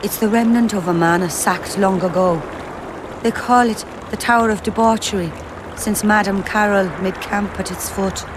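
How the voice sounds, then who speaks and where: A woman voices a calm army camp healer who explains in an even, informative way at a middle pitch. Background noise is clearly heard. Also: moderate pace, lightly acted. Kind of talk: video game voice acting.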